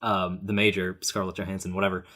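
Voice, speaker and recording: A man co-hosting a casual film podcast, talking animatedly and acting out characters in quick voices. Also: low-pitched, little pitch movement, pushed and bright. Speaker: podcast co-host.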